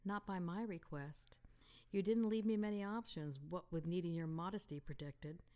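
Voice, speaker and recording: A woman voicing a shy but feisty young frontier woman with prim, quick retorts. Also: on the low side, mellow, natural voice.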